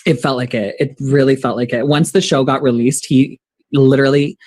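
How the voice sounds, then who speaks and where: A young drag performer chats as a guest over a video call. The talk is casual and unfiltered, full of swearing and quick laughs. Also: male voice, mid-range voice, fairly even intonation, a little mellow. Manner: candid, profane, laughs often. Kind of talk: casual interview chat.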